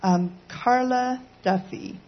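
A woman, a pastor's wife, telling her part of a testimony in a casual, halting way. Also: on the high side, dull audio. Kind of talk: testimony sermon.

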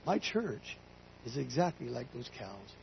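A man preaching voices God as a calm, gently rebuking divine speaker, husky, low and quiet, on a slightly muffled recording. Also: unhurried, slight background noise, full character voice. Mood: calm, gentle.

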